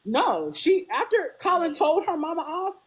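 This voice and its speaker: A woman talking casually as a guest, animated, acting out characters' lines and saying "like" constantly. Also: normal speed, crowd noise. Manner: animated, acts out characters' lines with big pitch jumps; peppers speech with "like". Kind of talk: casual fan discussion.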